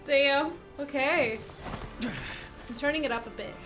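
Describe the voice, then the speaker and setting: A woman's voice: high voice, slow pace. A woman streaming a game live, chatting, reacting, and reading the on-screen text aloud. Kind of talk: live gameplay commentary. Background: game music and sound.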